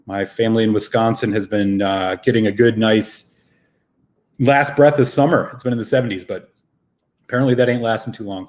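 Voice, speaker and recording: A man's voice: on the low side, a little mellow. A man hosting a live whisky stream, chatting casually and greeting viewers by name, a little out of breath after a run.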